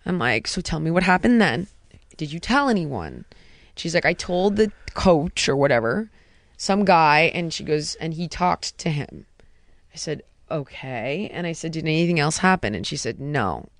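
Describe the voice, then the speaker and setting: A woman hosting a podcast, casually telling a personal story and dropping her voice softly when she quotes someone. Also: low voice, moderate pace, no room sound, studio quality. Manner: animated retelling, drops to a soft hush for quotes. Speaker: podcast host.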